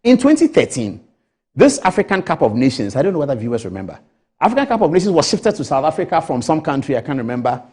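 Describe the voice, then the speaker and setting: Man, Ghanaian English accent, middle-aged, TV studio guest, animated storytelling, voices both sides of a phone call, warm and slightly high voice. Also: quick pace. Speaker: political guest on TV talk show. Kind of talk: animated storytelling on a talk show.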